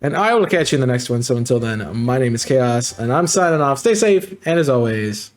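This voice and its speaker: Rambling casual gaming host. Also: male voice, mid-range voice, lively intonation, brisk. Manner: casual, rambling, many fillers and joking asides. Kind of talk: let's play commentary.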